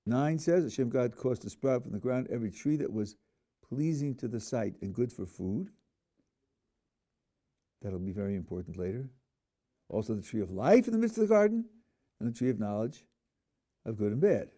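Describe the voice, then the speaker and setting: A man's voice: medium pitch, lively intonation, moderate pace, long pauses, mellow. A man, a rabbi, teaching a text class, reading verses aloud and then questioning them with dry humor. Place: yeshiva classroom.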